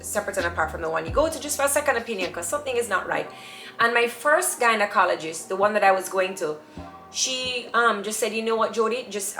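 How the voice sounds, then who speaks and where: A young Jamaican woman telling her own story in a chatty, animated way, acting out the voices of people she quotes. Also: mid-range voice. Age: young adult. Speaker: vlogger. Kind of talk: casual personal storytelling. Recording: echoey room with faint music.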